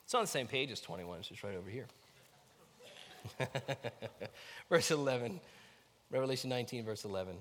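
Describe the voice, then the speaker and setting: A man preaching a sermon as a pastor, animated, swinging between quiet asides and loud emphatic lines. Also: mid-range voice, a little fast, long pauses, in a large hall. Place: church sanctuary.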